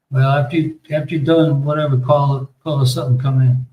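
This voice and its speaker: A man's voice: a little high, flat delivery, normal speed, a little mellow, low-quality recording. Rambling, profane American man. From United States. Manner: rambling, profane, lots of restarts and fillers. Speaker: podcast host. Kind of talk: casual storytelling chat.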